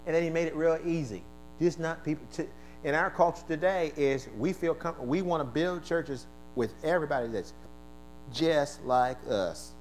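A man with a fairly high voice preaches in a church, drawing his congregation into call-and-response. He drops to quiet, confiding asides, then bursts into shouted exclamations. A faint electrical hum sits under the recording. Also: moderate pace, low-quality recording. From American East Coast. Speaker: pastor. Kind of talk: sermon.

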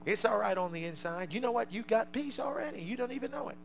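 A male preacher delivering a fervent sermon to a congregation, swinging from quiet asides to loud shouts. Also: high-pitched, expressive, fast talker, creaky, a little hiss or hum, rough recording.

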